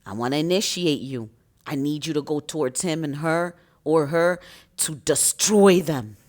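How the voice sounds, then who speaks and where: A woman voicing a scheming male devil who coaxes people into betraying others, low and sly. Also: a little slow, a little mellow. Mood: coaxing.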